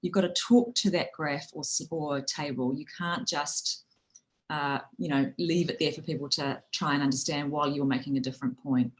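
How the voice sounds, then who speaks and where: A woman with a New Zealand accent gives practical tips on public speaking in a low voice. She is friendly and easygoing, often restarting a phrase or adding "you know" as she explains. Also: fairly even intonation, normal speed, rough recording. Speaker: speaking coach. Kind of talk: instructional talk on public speaking.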